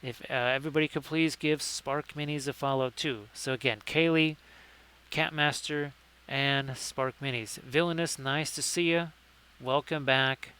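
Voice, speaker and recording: Male stream host, chatty and jokey, bright and clear-toned. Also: mid-range voice, fairly even intonation, a little slow. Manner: chatty, jokey, many fillers, greets chat viewers. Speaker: live-stream host and miniature painter. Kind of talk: casual live-stream chat.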